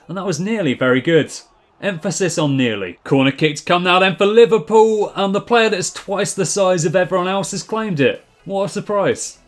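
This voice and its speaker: Young man, fairly high voice, deadpan play-by-play of a football game with sarcastic jabs. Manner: deadpan, wry asides. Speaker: video game commentator. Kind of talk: dry sarcastic football commentary over gameplay.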